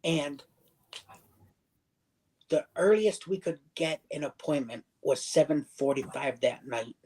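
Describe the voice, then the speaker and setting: A man's voice: fairly high pitch, lively intonation, slow, a little mellow, rough recording. A young man telling a personal story in casual livestream chat. He rambles, circles back, restarts sentences and acts out other people's lines.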